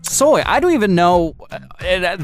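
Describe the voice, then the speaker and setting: Animated male morning radio co-host. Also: high voice, moderate pace, soft background music. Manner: playful, animated. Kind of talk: casual radio banter.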